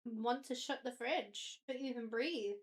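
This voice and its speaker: A woman's voice: on the high side, unhurried. A woman livestreamer chatting casually with viewers in a playful, giggly way. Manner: playful, giggly, drifts into Japanese phrases.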